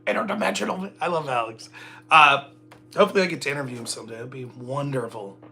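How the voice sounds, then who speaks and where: Talking fast in a bright, forceful, medium-pitched voice, this middle-aged livestream host is on his own, joking around, wandering off topic and mocking himself.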